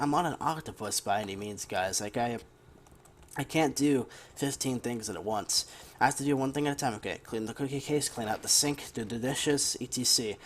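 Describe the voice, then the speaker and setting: A man's voice: mid-range voice, fairly bright tone, a little hiss or hum. A young man telling a long story in a casual, rambling way as a gaming commentator. He vents his frustration and curses now and then. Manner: rambling, venting, casual cursing. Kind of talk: casual storytime over gameplay.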